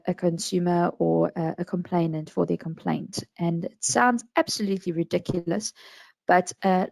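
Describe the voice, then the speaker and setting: A woman with a South African accent giving calm, measured advice on handling complaints in a business webinar. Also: on the low side, vocal fry, no echo. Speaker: national complaints administrator.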